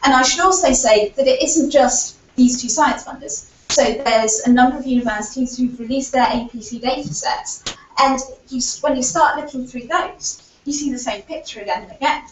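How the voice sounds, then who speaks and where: A woman with a high voice gives an earnest conference presentation at normal speed, pressing her arguments with many fillers while her voice still sounds like it's recovering. She speaks in a lecture hall, and the distant, echoey recording is dull and lo-fi with a slight hiss or hum.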